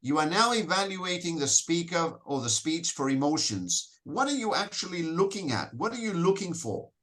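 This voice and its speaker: A man's voice: on the high side, big pitch swings, moderate pace, fairly bright tone. A man leading an interactive workshop, firing questions at the audience and often restarting his sentences. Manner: questioning the audience, repeats phrases, frequent "so, so" restarts. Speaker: Toastmasters educator leading a session.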